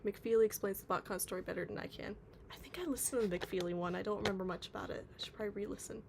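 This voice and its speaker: This livestreamer talks rapid-fire in a medium-pitched voice with vocal fry, and a little hiss or hum is audible. She's chatty, reads out viewer comments and fills her speech with fillers.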